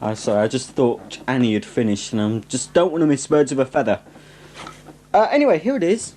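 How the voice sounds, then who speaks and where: A young northern English man rambles cheerfully at his camcorder, full of self-mocking asides. His voice is mellow and sits at an ordinary pitch. The sound comes from a 1990s home camcorder on a tripod indoors. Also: lively intonation, brisk, a little hiss or hum. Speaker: home video host. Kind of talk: casual rambling home video chat. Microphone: camcorder microphone on a tripod.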